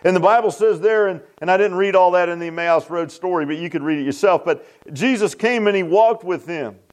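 Preacher guy, kinda high voice, folksy and emphatic, repeats himself a lot. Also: brisk. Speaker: pastor. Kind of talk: sermon.

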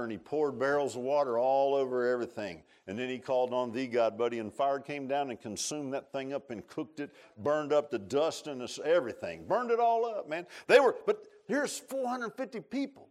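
A man's voice: mid-range voice, expressive, a little fast, few pauses, darkish tone. A man preaching a sermon in a folksy, storytelling way, with sarcastic humor.

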